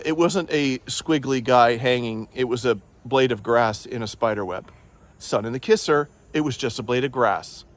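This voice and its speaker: A man's voice: mid-range voice, background noise. A man from Canada, hosting a walking vlog outdoors in a park, playful and joking, repeating his catchphrase. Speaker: vlog host.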